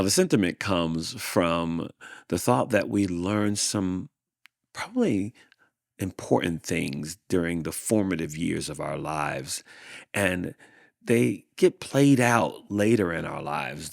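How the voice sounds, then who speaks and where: A man hosting a show, reading a children's storybook aloud in a deliberate, expressive way. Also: deep voice, gravelly, dry recording, clean studio sound. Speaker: host reading a children's book.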